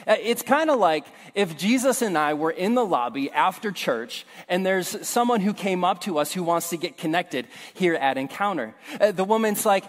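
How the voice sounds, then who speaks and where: A man's voice: high-pitched, expressive, normal speed, few pauses. A young man preaching a sermon, telling stories and acting out voices with humorous asides. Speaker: pastor. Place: church hall. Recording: long hall reverb.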